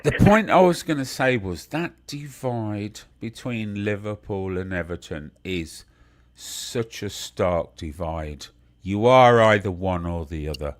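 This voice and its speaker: A man with a somewhat low voice, older, chatting in a relaxed, halting way. He stumbles and repeats words as he finds his point, and laughs easily between thoughts. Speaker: guest. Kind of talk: casual chat.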